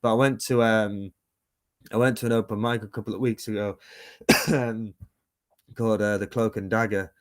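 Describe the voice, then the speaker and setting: A man's voice: lowish voice, steady tone, moderate pace, pauses often, no room sound, studio quality. A man in his thirties, a musician and painter, talking casually in an interview over a video call, rambling with many fillers and restarts. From United Kingdom. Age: 30s.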